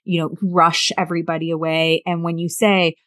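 A woman's voice: on the low side, level tone, normal speed, a bit bright, no room sound, clean studio sound. A middle-aged woman talking earnestly in a casual conversation, often repeating words and acting out lines from family life. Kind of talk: casual conversation about sobriety.

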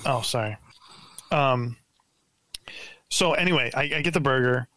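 A man guesting on a podcast, telling a story in a lively, profane way full of stammered restarts, over a remote call mic. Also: medium pitch, measured pace, no room sound. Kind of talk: casual podcast chat.

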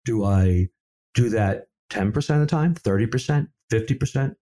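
Man, middle-aged, conversational interview, animated storytelling, very expressive intonation. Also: fairly low pitch, moderate pace, a little hiss or hum. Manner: animated storyteller, acts out quoted dialogue. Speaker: safety professional and seminar speaker.

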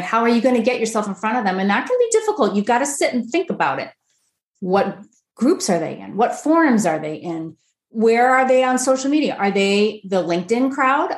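A woman guest on a podcast explaining marketing in a lively, conversational way, full of rhetorical questions. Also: mid-range voice. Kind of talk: conversational interview answer. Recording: roomy echo.

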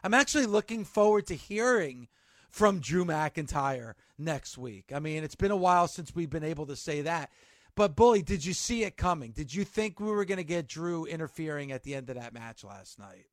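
A man hosting a wrestling podcast, talking in an excitable, animated, jokey way. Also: a little high, normal speed, no room sound, studio quality. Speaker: podcast host. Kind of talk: casual chat.

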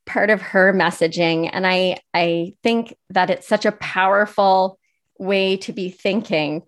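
A woman's voice: mid-range voice, a little slow. A woman in her thirties hosts a parenting podcast. She answers her guest in an appreciative way. Her voice sits in a mid range, and she laughs easily. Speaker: podcast host. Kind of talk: casual interview chat.

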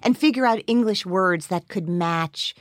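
A woman hosting a podcast, chatting casually with her guest and telling stories with quick jokey asides. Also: mid-range voice, no room sound, clean studio sound. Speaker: podcast host. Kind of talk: casual interview chat.

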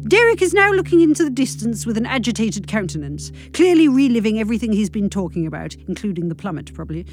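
A British woman reading comic fiction aloud. Her voice sits fairly high and swoops a great deal. She is brisk and wry, and she drops deadpan asides. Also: faint music behind.

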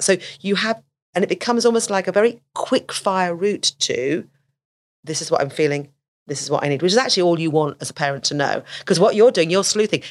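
A woman's voice: on the low side, a little fast. A middle-aged woman giving conversational advice as an autism specialist, often acting out what children and teachers say. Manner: animated, acts out quoted speech.

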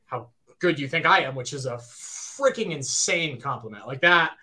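A man in his thirties, a guitarist, telling a story in casual chat, animated and excitable, full of "like" and "right?". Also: mid-range voice, moderate pace.

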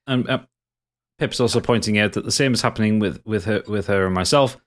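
A man's voice: on the low side, a little fast. A man with a Geordie accent hosting a casual podcast chat, swearing freely as he banters with his co-hosts. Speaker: podcast host.

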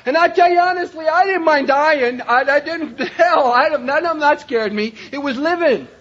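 High-voiced older man, emphatic recovery story. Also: normal speed. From Cleveland, Ohio, USA. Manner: emphatic, raises voice to a shout then drops low. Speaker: recovery meeting speaker. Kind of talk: personal recovery story told to a meeting. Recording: dull lo-fi recording.

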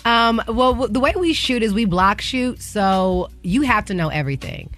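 Excited, chatty woman guest. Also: on the high side, normal speed, soft background music. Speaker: guest actress. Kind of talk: casual interview chat.

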